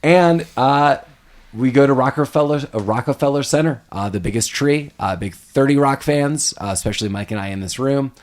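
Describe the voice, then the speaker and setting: A man with a middle-pitched voice chats casually as a podcast host, retelling movie scenes in an animated way. He jumps into brief, quick character voices as he tells the story. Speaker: podcast host recapping a film. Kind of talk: casual chat.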